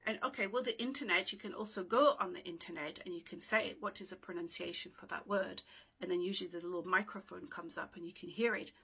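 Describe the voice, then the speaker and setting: A woman's voice: lowish voice, fast talker, fairly bright tone, slightly rough. A woman teaching dictionary pronunciation in a casual video lesson, explaining patiently and checking in with "okay?" as she goes, recorded without a microphone. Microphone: no microphone, voice drifts from the camera. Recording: room sound, voice sometimes far from the mic.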